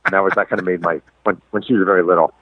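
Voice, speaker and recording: A middle-aged man speaks as a guest on a call, his low voice thinned by a tinny phone line. He tells stories in a candid, self-deprecating way. The sound is dry, with no room around it. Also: steady tone, very fast, breathy edge, no room sound. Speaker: guest, sports writer. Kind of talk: casual interview chat.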